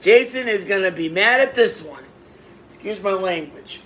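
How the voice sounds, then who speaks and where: A man giving a casual video review of a wrestling show, excitable, repeating himself and bursting into exclamations. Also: high-pitched, moderate pace, a little hiss or hum.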